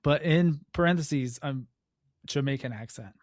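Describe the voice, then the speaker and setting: A man's voice: a little high, measured pace, darkish tone, no echo, studio quality. A man hosting a podcast interview, asking questions in a teasing, playful way. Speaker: podcast host. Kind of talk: casual interview.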